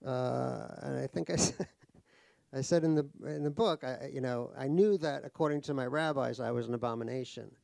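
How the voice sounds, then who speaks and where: A man's voice: medium pitch, a little fast, gravelly, a little mellow, no room sound. A middle-aged American man from New York, speaking as an author at a live talk, joking wryly at his own expense with many restarts. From New York, USA. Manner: wry and joking, self-mocking, many restarts. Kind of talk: casual conversation on stage. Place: cultural center event hall.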